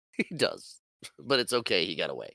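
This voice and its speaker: A man with a lowish, gravelly voice that still has a bright edge, co-hosting a podcast. He chimes in with short agreeing remarks and laughs along in a relaxed movie chat. The sound is dry and close. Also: moderate pace, dry recording. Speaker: podcast co-host. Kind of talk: casual movie recap chat.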